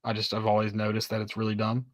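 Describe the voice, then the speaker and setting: A man's voice: lowish voice, completely flat delivery, fast talker, no echo, clean studio sound. A young man co-hosting a casual sports podcast, easygoing and asking questions. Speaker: podcast co-host.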